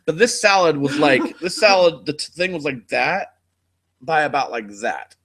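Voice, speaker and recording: A man's voice: on the high side, animated, normal speed, fairly bright tone. A man from California hosting a casual live stream, telling rambling stories and swearing a lot. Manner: rambling, laid-back storytelling with frequent swearing. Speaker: channel host. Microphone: desk mic.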